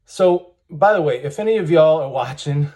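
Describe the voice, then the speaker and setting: Guy w/ slightly high voice, casual and blunt, laughs a lot while reading ads. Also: lively intonation, moderate pace, dark tone. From United States. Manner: wry and blunt, chuckles often. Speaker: trucking channel host. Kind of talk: casual commentary reading job ads aloud.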